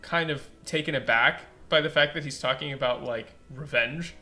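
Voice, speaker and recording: A man giving let's play commentary and critiquing a game's translation, blunt and animated, swearing casually and saying "like" a lot. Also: medium pitch, moderate pace, soft background music. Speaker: game localization critic.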